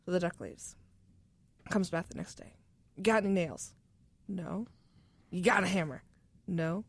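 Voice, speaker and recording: A woman's voice: on the low side, creaky, breathy edge, no room sound. A young woman co-hosting a casual podcast, telling a corny joke and tripping over a line. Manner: unhurried, stumbles over the punchline setup. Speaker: podcast co-host.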